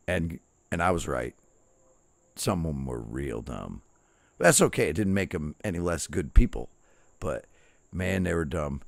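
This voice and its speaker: A man's voice: deep voice, vocal fry, no room sound. A man streaming and telling profane, rambling stories in a casual chat. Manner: profane, storytelling, barks quoted drill shouts.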